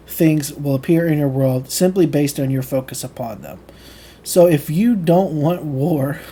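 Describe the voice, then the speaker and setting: Mellow-voiced man explaining at a thoughtful pace. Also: mid-range voice, slightly rough. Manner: reflective, explains with frequent ums and restarts. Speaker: channel host reading and explaining lectures. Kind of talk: reading a lecture aloud, then casual explanation.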